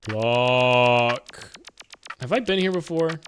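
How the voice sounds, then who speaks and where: A man's voice: mid-range voice, expressive, slow pace. A man streaming a video game, rambling and swearing as he chats with viewers. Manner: rambling, profane, joking with chat. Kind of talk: casual gameplay commentary. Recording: game music loud behind voice. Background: game music.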